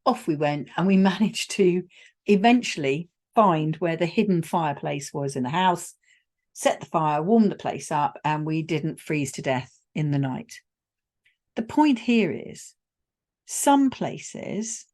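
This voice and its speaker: A woman's voice: lowish voice, a little mellow. A woman hosting a solo podcast, telling a personal travel story in a conversational way with wry asides. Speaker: podcast host.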